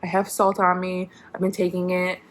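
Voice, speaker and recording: A woman's voice: on the low side, completely flat delivery, moderate pace, slight background noise. Rambling young woman telling a story. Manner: rambling, many "like" fillers and restarts. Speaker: vlogger. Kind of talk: casual storytime.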